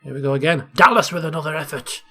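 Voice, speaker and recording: A man casually commentating over a football management game he plays, chatty and excitable. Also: on the high side, fast, faint music behind. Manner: chatty, bursts into excited shouting at goals. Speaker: Let's Play host.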